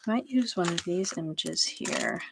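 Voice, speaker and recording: A woman's voice: fairly low pitch, huge pitch swings, measured pace, gravelly, noisy background. A middle-aged woman hosting a craft video, chatting casually and laughing at herself while she works at home. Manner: chatty and self-deprecating, laughs often. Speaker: craft channel host.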